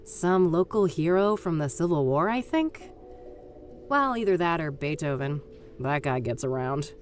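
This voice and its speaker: A wry young detective woman with a low, dry voice, talking things through in a game with music running under her lines. She sounds sardonic and matter-of-fact. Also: lively intonation, a little slow. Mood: sarcastic. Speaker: game character. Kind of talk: video game voice acting.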